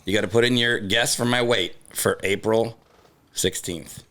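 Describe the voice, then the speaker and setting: Bright-voiced excitable male podcast host. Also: normal speed. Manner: excitable, jumps into loud high yelps and laughs. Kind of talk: casual comedy podcast chat.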